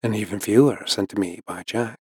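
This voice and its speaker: A man reading the lines of a composed older woman herbalist who speaks in an even, unhurried tone. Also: on the low side, slightly rough, no echo, studio quality. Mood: cool.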